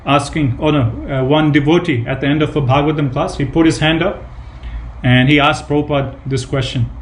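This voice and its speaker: In a fairly high voice with mostly even intonation, a man delivers a devotional scripture class at a slightly fast clip. His sermon is built on retold anecdotes, with emphatic repetition and casual fillers.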